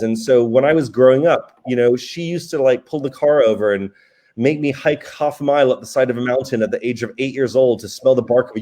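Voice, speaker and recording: A man, a wine sales director and guest, telling stories casually with fillers and restarts. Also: mid-range voice. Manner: relaxed, chatty, frequent fillers and restarts. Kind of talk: casual interview storytelling.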